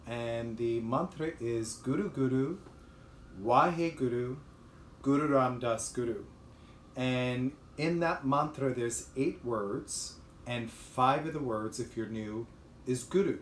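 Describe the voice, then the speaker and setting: A man's voice: mid-range voice, slow, reverberant, slight background noise. A man hosting a livestream and teaching a chant, explaining in a chatty way with fillers. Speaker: host and chant leader.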